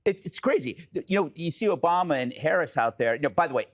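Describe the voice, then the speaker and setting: A man's voice: on the high side, animated, quick pace. A man hosting a TV panel, riffing in sarcastic, jokey banter. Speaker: panel host.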